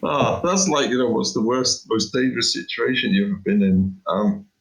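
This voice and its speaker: The recording is rough, with a little hiss or hum, and features a middle-aged man with a gravelly, mid-range voice at a normal speed. As an interview guest in a casual chat, he discusses his work emphatically, rambling and often saying "you know."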